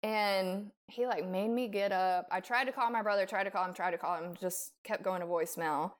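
A woman's voice: medium pitch, steady tone, fairly quick. A woman guest on a podcast telling her own story casually, bluntly, with frequent swearing. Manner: blunt, swears often, rambling.

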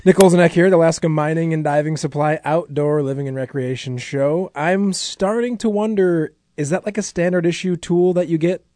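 A man's voice: fairly high pitch, moderate pace, hardly any pauses, warm tone, no room sound. A man hosting a radio show in a studio, chatty and self-mocking as he promotes an event. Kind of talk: casual radio chat and sponsor promo. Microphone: studio microphone.

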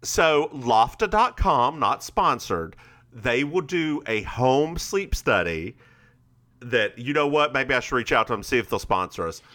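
A man's voice: mid-range voice, sing-song, measured pace, pushed and bright. A man co-hosting a podcast in casual chat, playful and speaking straight to listeners. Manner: chatty, playful, addresses listeners directly. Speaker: podcast co-host.

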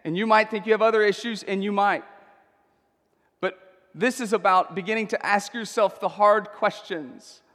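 A man's voice: high voice, fairly bright tone, big-room sound. A male pastor preaching a sermon in a church, conversational and emphatic, often checking in with "okay?". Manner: conversational, emphatic, frequent tag questions.

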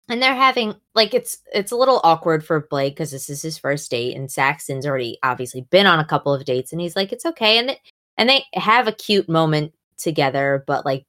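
Animated young woman, low voice. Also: clear, resonant tone. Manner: animated, many fillers, acts out quotes with big pitch jumps. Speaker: podcast co-host discussing books. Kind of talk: casual chat.

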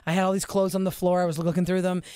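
A woman's voice: fairly low pitch, very fast, clear, resonant tone, no room sound. A woman in her thirties co-hosting a show, chatting casually and telling stories animatedly. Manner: animated storyteller who acts out quotes. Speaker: show co-host. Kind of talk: casual chat.

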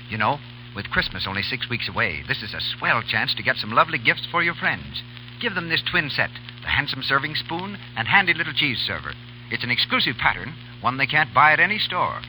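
Man, 1930s radio announcer, enthusiastic sales read, animated pitch. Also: poor audio. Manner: enthusiastic, persuasive.

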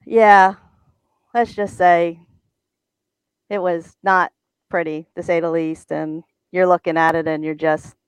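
A woman's voice: fairly low pitch, steady tone, takes it slowly, long pauses, smooth, no echo. A woman on a talk show as a guest from a race team, telling a story and often stammering and repeating words.

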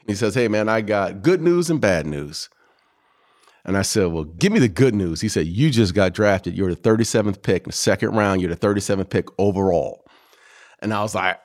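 A man in his fifties, a former pro football player, telling stories from his career in an animated way and acting out what others said. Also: on the low side, a little fast. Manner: animated storyteller who acts out quotes, peppered with "man". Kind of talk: storytelling interview.

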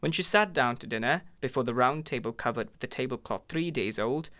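A man's voice: medium pitch, a little fast, fairly bright tone. Man reading a classic short story. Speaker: narrator.

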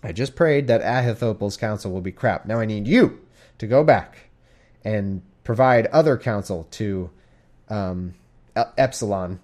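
A man's voice: fairly low pitch, unhurried, a little mellow, natural voice. A man voicing an exasperated ancient male king who talks in blunt modern slang, casual and fatalistic. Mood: scheming.

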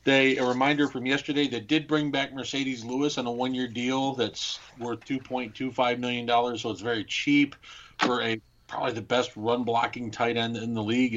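A man's voice: mid-range voice, fairly bright tone. Chatty man talking football, muffled mic. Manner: chatty, rambling football analysis. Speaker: podcast co-host. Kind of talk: casual sports podcast talk.

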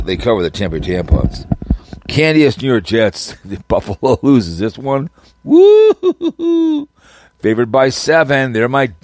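A man's voice: fairly low pitch, no echo. A man hosting a casual sports picks podcast, rambling and giving teams crude mocking nicknames while he laughs at his own jokes. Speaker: podcast host.

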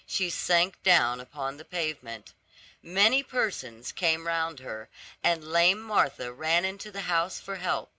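A storybook narrator reads slowly, the pitch rising and falling with lively expression. The tone is bright and crisp, and the recording is dry and close. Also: no echo. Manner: slow, lively, storybook delivery. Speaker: audiobook narrator. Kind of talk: scripted narration of a fairy tale.

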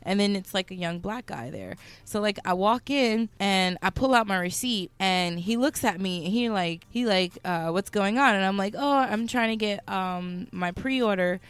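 A young adult woman casually telling a story, animated and slangy, with lots of fillers. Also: medium pitch, moderate pace, few pauses, smooth, no room sound.

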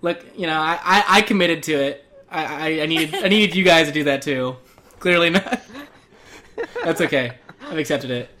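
A man's voice: fairly high pitch, normal speed, a crowd in the background. A man with an Arizonan accent, co-hosting a casual gaming chat, rambling and laughing at himself. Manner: rambling, self-deprecating, laughs often.

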